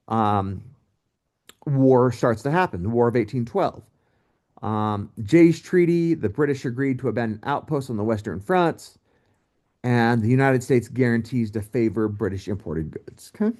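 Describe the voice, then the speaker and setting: A man teaching a history lesson in a casual, joking way, with lively asides to his students. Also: medium pitch, a little slow. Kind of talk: recorded history lecture.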